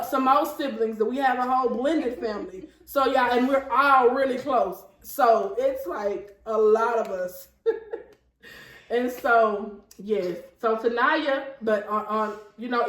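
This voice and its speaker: A woman in her thirties hosts a casual faith talk show, chatting warmly and earnestly to her viewers. Her voice sits fairly high. The room around her echoes noticeably. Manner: chatty and heartfelt, often addressing viewers as y'all. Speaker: host.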